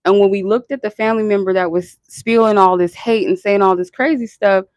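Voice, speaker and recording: Speaking a little fast with a steady tone and medium pitch, the channel host rambles through casual, profane chat, full of "like" and laughter. No room sound is audible.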